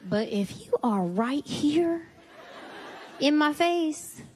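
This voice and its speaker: A woman's voice: sits high, expressive, very slow, darkish tone. A married woman comedian telling wry stand-up stories in a conversational way, acting out quotes. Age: adult, married. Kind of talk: stand-up storytelling.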